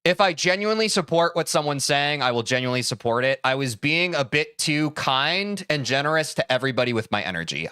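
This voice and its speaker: Young guy streamer venting at chat, swears a lot, bright voice jumping all over, super dry close mic. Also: a little high, brisk, few pauses, clean tone, dry recording. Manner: heated, swears a lot, switches to calm apologies. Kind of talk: ranting to live chat.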